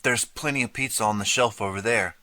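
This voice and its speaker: A man's voice: lowish voice, fairly quick, pushed and bright, dry recording. A man voicing a proud, angry teenage girl hosting a party, icy and tense, in an audiobook.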